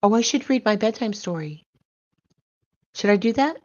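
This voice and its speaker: An older woman hosting a casual chat, relaxed and rambling with frequent ums. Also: medium pitch, moderate pace. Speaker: host. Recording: dull lo-fi audio.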